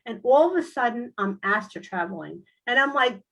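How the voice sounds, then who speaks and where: A woman, a guest and animal rescuer, telling a comic story on a video call in an animated, lively way, with big jumps in pitch. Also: normal speed, gravelly, poor audio. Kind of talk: casual storytelling on a talk show.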